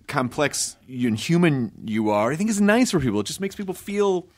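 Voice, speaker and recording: A man's voice: fairly high pitch, big pitch swings, brisk, no room sound. A man in his forties hosting a casual podcast interview, playful and jokey. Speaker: podcast host.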